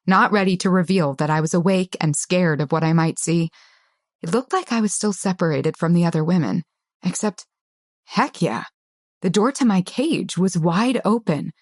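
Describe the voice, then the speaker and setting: Low-voiced woman narrating an audiobook. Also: darkish tone, no room sound, clean studio sound. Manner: tense, measured first-person storytelling.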